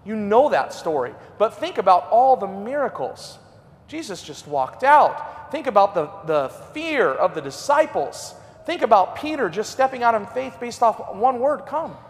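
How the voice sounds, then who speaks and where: A middle-aged man preaching a revival sermon in a church, swinging between loud and hushed. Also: high-pitched, big pitch swings, a little slow. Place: church sanctuary. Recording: long hall reverb.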